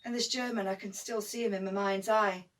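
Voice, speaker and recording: A woman's voice: medium pitch, fairly even intonation, brisk, distant mic, natural voice. A woman with a Northern English accent acting a young First World War nurse who talks in broad dialect, telling her story as a dramatic monologue. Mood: amused. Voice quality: broad dialect speech, vivid and emphatic.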